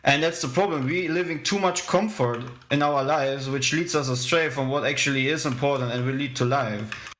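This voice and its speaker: A man speaking on a voice call who preaches in a halting way, filling pauses with ums. His voice has a bright, forceful edge. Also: medium pitch, a little hiss or hum. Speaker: chat participant. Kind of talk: casual preaching chat.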